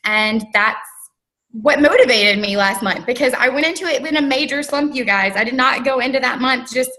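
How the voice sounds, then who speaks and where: A woman with a bright, slightly high voice tells her story as an interview guest. She talks in an earnest, casual way, full of "um"s and "like"s. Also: normal speed, low-quality recording. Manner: earnest, filler-heavy, with frequent "like" and "um". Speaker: interview guest, network marketer.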